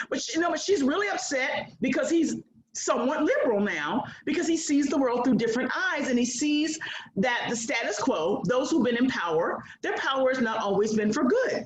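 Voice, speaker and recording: A bold, preacher-like woman in her sixties delivers a motivational talk, her fairly high voice leaping up and down with lively swings. She speaks in an echoey room. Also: normal speed, noisy background. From United States. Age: 60s. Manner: bold, preacher-like, mimics others. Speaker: guest speaker. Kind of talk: motivational speech.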